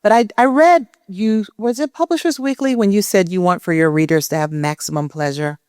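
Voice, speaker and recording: A woman's voice: medium pitch, a little fast, a little mellow, clear, resonant tone, no room sound, clean studio sound. A woman writing professor in an onstage conversation, talking thoughtfully and searching for the right words. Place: indoor event stage.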